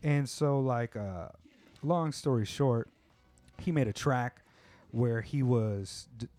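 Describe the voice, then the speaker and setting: A man's voice: medium pitch, slow pace, warm tone. A man hosting a podcast, talking at length in a laid-back, talkative way and swearing a lot. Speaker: podcast host. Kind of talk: casual chat.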